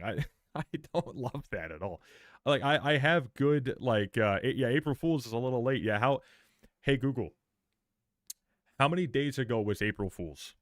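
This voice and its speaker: A man's voice: mid-range voice, animated, unhurried, dry recording, clean studio sound. A man streaming live, reacting to a game trailer in sarcastic, profane commentary, often repeating words and restarting his sentences.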